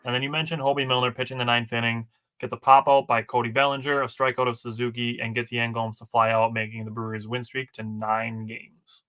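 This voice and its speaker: A man's voice: mid-range voice, flat delivery, brisk, bright, forceful tone. A man co-hosting a casual sports podcast, working through game stats from his notes with dry asides. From Wisconsin. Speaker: podcast co-host.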